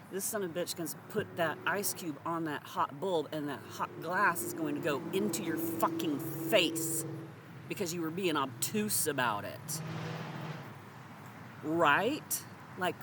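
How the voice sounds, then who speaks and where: A woman's voice: lowish voice, background noise. A woman giving a blunt, sarcastic, profane monologue to her audience. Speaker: social commentator. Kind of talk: direct-to-camera monologue.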